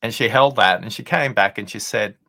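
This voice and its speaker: A man being interviewed as a podcast guest, telling a workplace anecdote in a deliberate, conversational way with pauses for effect. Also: on the low side, creaky, bright, forceful tone. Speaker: podcast guest, listening expert.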